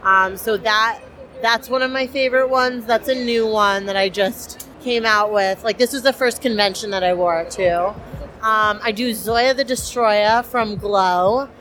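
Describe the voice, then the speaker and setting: A woman's voice: a little high, a little slow, a bit bright, slight background noise. A young woman cosplayer, chatty and enthusiastic with many fillers, interviewed at a convention. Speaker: cosplayer guest.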